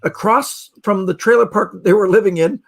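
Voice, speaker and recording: A man's voice: high voice, a little fast, vocal fry. A middle-aged man from Canada, a magician guest, telling stories in casual podcast talk and acting out the voices of people in them. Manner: animated storyteller acting out quoted voices.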